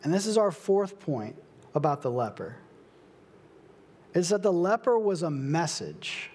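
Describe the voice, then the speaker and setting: A young adult man preaching a sermon, slow and emphatic, with dramatic pauses. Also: a little high, sing-song, a little mellow, husky. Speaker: pastor.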